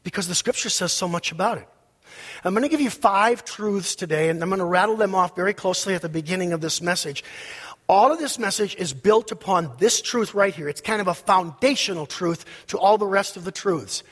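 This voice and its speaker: A man preaching a sermon as pastor, emphatic, with loud peaks and quiet asides. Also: high-pitched, brisk, big-room sound.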